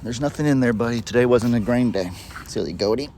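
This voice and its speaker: A man's voice: mid-range voice, fast, a little mellow, slight background noise. Chatty man livestreaming from a farm. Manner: chatty, rambling, talks to animals in a sing-song pet voice. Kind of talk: casual live-stream chat. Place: outdoors on a farm among animals. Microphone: handheld phone camera.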